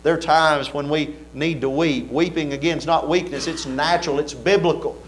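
A man's voice: fairly high pitch, fairly even intonation, moderate pace, hardly any pauses. A man preaching an earnest sermon in a church, building fervor with repeated phrases.

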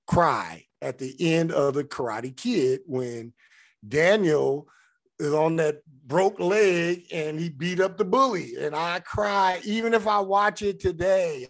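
A middle-aged man hosting a spiritual podcast, reading passages aloud and then riffing on them in a candid, profane, personal way. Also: fairly high pitch. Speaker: podcast host. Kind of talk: casual spiritual monologue.

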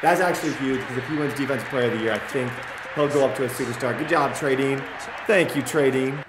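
A young man playing a football video game, reacting loudly and cheering or yelling at each play as a gaming commentator. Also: mid-range voice, fast, echoey room, noisy background. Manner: excitable, yells and cheers at plays. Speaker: gaming YouTuber.

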